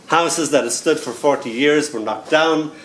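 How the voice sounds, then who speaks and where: An older man with an Irish accent spins anecdotes and poems for a live crowd, his voice sitting a touch higher than most men's and leaping around as he plays the people in his tales. He is picked up from a distance, so the room rings around him with a faint hum of ambience underneath. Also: a little slow. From Ireland. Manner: animated, jumps into voices with big pitch leaps. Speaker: poet and storyteller. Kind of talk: live storytelling and poetry performance. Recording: roomy sound from a distant mic, faint ambience.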